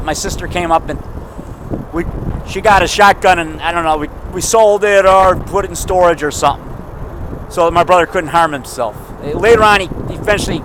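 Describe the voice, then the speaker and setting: A high, fairly bright voice belongs to a man in his fifties from around Chicago, vlogging in an outdoor cemetery. He rambles in fragments, correcting himself and restarting amid plenty of fillers. The handheld camera mic yields a low-quality recording with a little hiss or hum.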